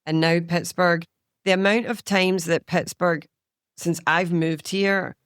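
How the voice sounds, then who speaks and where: A woman's voice: lowish voice, measured pace, clear, resonant tone, no echo. Glaswegian woman in her fifties, blunt storytelling podcast guest, dry close mic. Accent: Glaswegian Scottish. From Scotland. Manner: blunt, swears freely, animated storyteller. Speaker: guest, stylist. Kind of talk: casual podcast chat.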